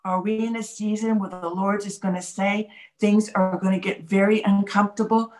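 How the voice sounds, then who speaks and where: A woman's voice: mid-range voice, level tone, normal speed. A woman co-hosting a faith podcast, speaking passionately and repeating key phrases for emphasis. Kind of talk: casual faith podcast discussion.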